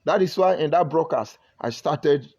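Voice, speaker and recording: Nigerian male broadcaster, accented, preachy and emphatic, slightly high voice, lo-fi sound. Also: normal speed, a little mellow, husky. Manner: emphatic, preachy, reads viewer comments aloud. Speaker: online broadcaster. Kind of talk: live-stream commentary.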